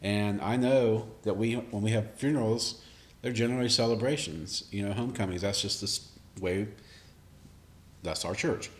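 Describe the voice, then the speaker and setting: Male host, reflective, thinks aloud, slightly low voice, casual talk. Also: normal speed. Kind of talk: casual faith conversation.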